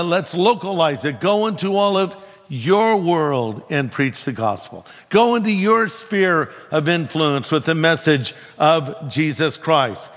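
A male pastor delivering a sermon, telling a story and acting out the dialogue with animated swings in his voice. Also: big-room sound. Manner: animated, acts out dialogue with rising pitch.

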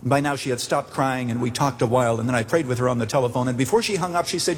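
A male pastor preaching a sermon from the pulpit, telling stories deliberately with emphatic pauses. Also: mid-range voice, slight background noise. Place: church sanctuary at the pulpit. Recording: long church reverb.

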